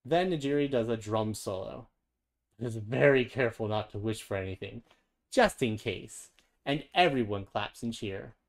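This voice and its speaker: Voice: mid-range voice, normal speed. Playful storybook reader. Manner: gentle, chatty, playful. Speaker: children's book reader. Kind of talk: storybook read-aloud with chatty asides.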